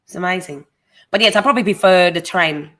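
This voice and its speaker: A woman's voice: fairly low pitch, fairly quick, a bit bright. Tired, teasing Thai woman. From Thailand. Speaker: guest answering viewer questions. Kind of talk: casual live Q&A chat.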